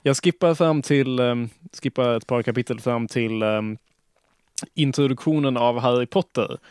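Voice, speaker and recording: A man's voice: mid-range voice, moderate pace, darkish tone, clear, resonant tone, no echo, studio quality. A man bantering sardonically, with hesitant fillers. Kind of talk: casual banter.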